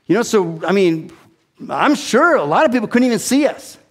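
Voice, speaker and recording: Animated older man telling a testimony. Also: sits high, normal speed. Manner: animated, self-deprecating storyteller with many restarts. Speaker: speaker giving a testimony. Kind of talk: personal testimony storytelling.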